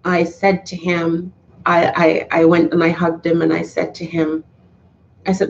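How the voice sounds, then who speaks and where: A woman's voice: on the low side, completely flat delivery, unhurried, vocal fry, slight background noise. Heartfelt woman chatting live with viewers. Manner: heartfelt and earnest, with many restarts. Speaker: YouTuber talking to live chat. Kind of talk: casual live-stream chat. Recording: slightly dull, lo-fi sound.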